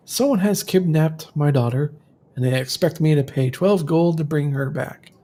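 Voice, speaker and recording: A desperate middle-aged lord from a game pleads for help to rescue his child, read aloud by a man. He speaks plainly and earnestly in a mellow, soft voice. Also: fairly high pitch, normal speed, close to an everyday voice. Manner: straightforward, pleading.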